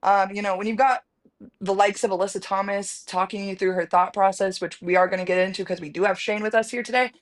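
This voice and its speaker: A woman's voice: mid-range voice, fairly even intonation, fast. A woman hosting a casual sports talk show from home, bubbly and chatty, often repeating words as she goes. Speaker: podcast host. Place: remote, apart from the studio.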